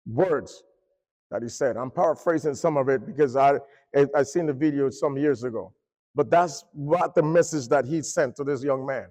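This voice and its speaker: A man preaching a sermon, telling a story in an animated way, rising and falling in pitch and force. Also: normal speed. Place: church hall. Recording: reverberant church hall.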